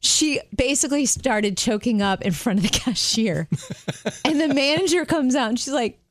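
A woman co-hosting a radio show, telling a story with lively delivery and frequent laughs. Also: high voice, normal speed, no echo. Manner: animated storyteller, laughs often. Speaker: radio co-host. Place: radio studio.

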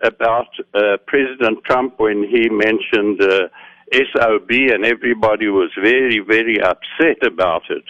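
A man calling in to a radio show, telling an animated story with many pauses. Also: fairly low pitch, no room sound. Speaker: caller. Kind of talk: phone-in call. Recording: muffled phone-in line.

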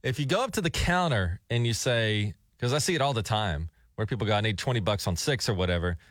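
A man co-hosting a morning radio show, telling a story in casual, animated banter. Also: on the low side, fast talker, dry recording, clean studio sound. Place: radio studio. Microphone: studio microphone.

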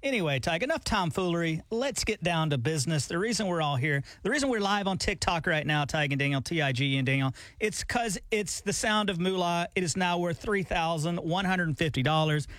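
Morning radio co-host, man in his 40s, high and animated, dry studio sound. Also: fairly quick, hardly any pauses, no room sound. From Alabama. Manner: animated, self-deprecating storytelling.

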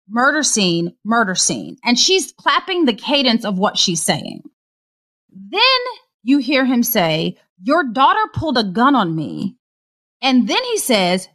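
Woman with a lively, expressive voice. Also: medium pitch. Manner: earnest, measured retelling with quoted lines. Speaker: podcast co-host. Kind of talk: recounting a news story in conversation.

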